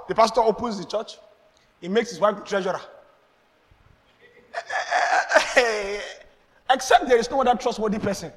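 A high-pitched man preaching a lively sermon, his voice bright and carrying. His pitch leaps up and down as he acts out conversations and laughs between points. The sound rings with the long reverb of a church hall. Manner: animated preaching with acted exchanges and laughter. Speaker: pastor.

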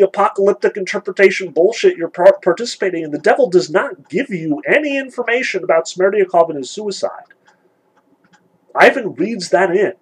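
A man lecturing on a novel, animated, sarcastic and emphatic, reading passages aloud. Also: high-pitched, husky, low-quality recording. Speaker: literature lecturer.

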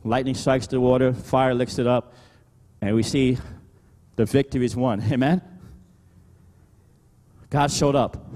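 Preaching man in a reverberant hall. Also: mid-range voice. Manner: preaching with call-and-response "Amen?"; swings between loud emphatic exhortation and quiet talk. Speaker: pastor. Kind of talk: sermon.

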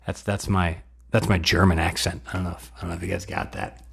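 A man rambles through a comedic monologue, jokes at his own expense and wanders into asides. His voice sits fairly low and sounds gravelly and husky. He talks in a loose, offhand way. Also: flat delivery, fast talker. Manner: rambling, self-deprecating, many fillers and restarts. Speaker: comedic host.

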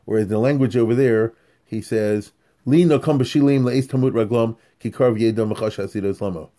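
A man's voice: mid-range voice, normal speed, warm tone. A man teaching a conversational Torah class, digressive and chatty, often checking in with his listeners and chuckling between points.

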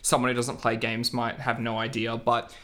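A man's voice: mid-range voice, monotone, moderate pace, bright, forceful tone. Easygoing man co-hosting a podcast. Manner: easygoing, agreeable, often backs the other host. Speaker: podcast co-host. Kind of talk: casual podcast chat.

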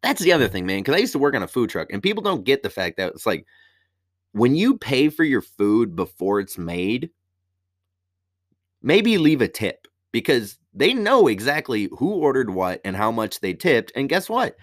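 Worked-up man ranting with swings in pitch. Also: sing-song, normal speed, no echo, clean studio sound. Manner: heated, rambling, heavy swearing. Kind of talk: casual profane rant.

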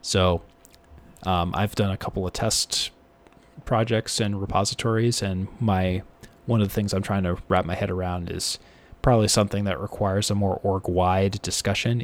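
Low-voiced man casually talking tech. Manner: rambling, self-deprecating, frequent restarts. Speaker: podcast co-host.

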